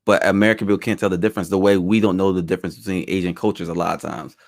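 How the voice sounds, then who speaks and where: Thoughtful man with a lower voice. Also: level tone, rapid-fire. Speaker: podcast co-host. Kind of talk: casual banter.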